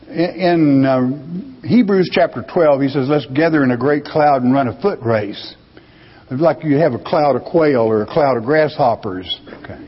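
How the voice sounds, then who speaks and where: Brief: husky male Bible teacher, emphatic, dull lo-fi sound with long hall reverb. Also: fairly high pitch. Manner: emphatic, rhetorical questions answered himself.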